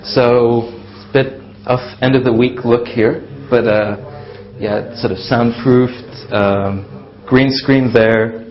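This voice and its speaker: A man's voice: mid-range voice, takes it slowly. Guy giving an office tour, dry jokes, dull lo-fi sound. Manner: relaxed, dry humor.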